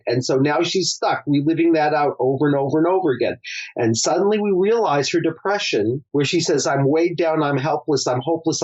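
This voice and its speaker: A middle-aged man speaks as a psychologist guest, explaining his approach through a long client story. His voice sits a touch high, and he briefly takes on the client's words as he goes. The audio is dull and lo-fi. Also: darkish tone. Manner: storytelling, acts out client quotes. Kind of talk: explanatory interview talk.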